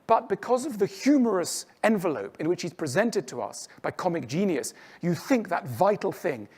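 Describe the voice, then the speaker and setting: A man lecturing to an audience, his pitch rising and falling with lively swings. He explains his points earnestly. He often drops into quick impressions of other people. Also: breathy edge. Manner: animated, acts out other people's voices. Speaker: public speaker.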